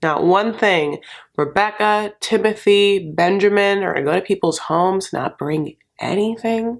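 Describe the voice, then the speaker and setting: A woman's voice: medium pitch, unhurried, vocal fry. A woman giving a sassy, casual comedic recap of a reality show, swearing freely and slipping into quoted voices.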